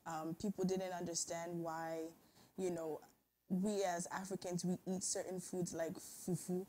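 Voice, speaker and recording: A woman's voice: fairly low pitch, flat delivery, measured pace, dark tone, slight background noise. A young woman guest chatting casually and openly telling stories of growing up. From grew up abroad, Ghanaian parents. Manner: open, storytelling. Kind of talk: casual chat.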